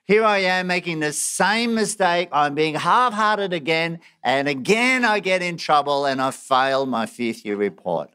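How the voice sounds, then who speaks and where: Male preacher, smooth clear voice, slightly high, self-deprecating and animated. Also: unhurried, few pauses. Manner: self-mocking, animated, laughs often. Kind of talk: sermon.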